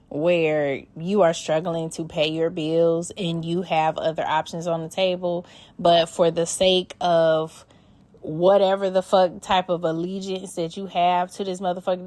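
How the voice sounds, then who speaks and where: A woman's voice: lowish voice, no room sound. A woman hosting a podcast, reading listener emails and giving blunt, profane, emphatic advice. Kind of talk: casual advice chat.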